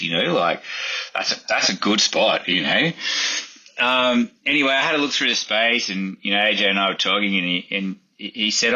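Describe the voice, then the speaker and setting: A very low, husky man, middle-aged, chatting loosely with plenty of fillers. His tone is bright and forward, and the recording sounds a little dull and muffled. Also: lively intonation, a little fast. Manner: rambling, lots of fillers, acts out quotes in a higher voice. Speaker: chef and podcast guest. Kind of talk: casual interview storytelling.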